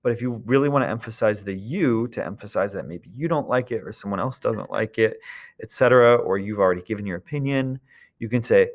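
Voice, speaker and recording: A man's voice: fairly low pitch, brisk. A man teaching a recorded lesson, patiently explaining examples in English and French and often checking in with his students.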